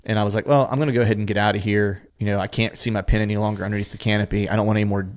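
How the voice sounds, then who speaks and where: A man's voice: fairly low pitch, steady tone, racing. A man as a podcast guest, chatting casually, laughing easily and talking loosely with lots of fillers. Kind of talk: casual chat.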